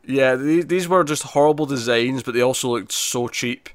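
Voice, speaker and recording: A man co-hosting a podcast, chatting casually about a TV episode in an animated, rambling way and breaking into quick impressions. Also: medium pitch, no room sound. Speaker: podcast co-host. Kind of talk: casual chat reviewing a TV episode.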